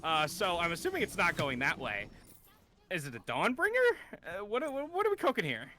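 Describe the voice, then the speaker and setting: A man giving esports color commentary, breaking down plays and rising to excited shouts in fights. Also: on the high side, brisk.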